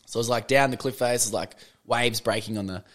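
A young man, co-hosting a podcast and telling a story in a casual, animated way, swearing freely and laughing often. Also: mid-range voice, brisk. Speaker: podcast co-host. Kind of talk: casual chat.

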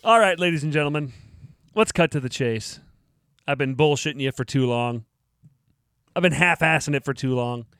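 A man's voice: on the high side, moderate pace, pauses often, fairly bright tone, clear, resonant tone, no echo, studio quality, faint music behind. A man hosting his own podcast, joking and mock-indignant, laughing at his own jokes. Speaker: podcast host. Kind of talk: casual solo podcast talk.

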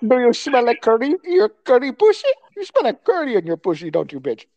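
Woman, podcast co-host, crude ranting, lively swooping pitch, dry close sound. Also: a little fast, no room sound, muffled recording. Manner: crude, profane ranting, laughs often. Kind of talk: casual chat.

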